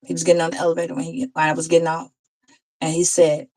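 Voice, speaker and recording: A woman tarot reader telling an emotional personal story in a heartfelt, conversational way, pausing and restarting as she goes. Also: deep voice, monotone, dark tone, poor audio.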